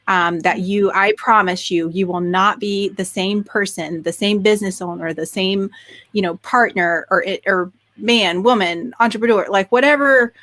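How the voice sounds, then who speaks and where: A woman's voice: medium pitch, fairly bright tone, no room sound. A woman co-hosting a podcast in casual chat, talking with eager enthusiasm and many restarts and fillers. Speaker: podcast co-host.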